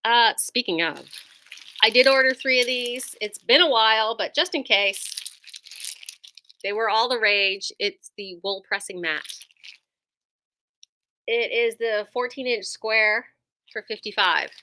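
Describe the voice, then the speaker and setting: A woman's voice: on the high side, measured pace, pauses often, pushed and bright, slight background noise. A woman who runs a quilt shop, chatting enthusiastically through a casual product demo with lots of ums and likes.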